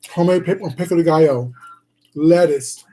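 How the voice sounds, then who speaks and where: On a laid-back eating livestream, a male food vlogger talks at normal speed in a warm, somewhat high voice. He chats with his audience, calls them sweetheart and baby, and hums as he eats.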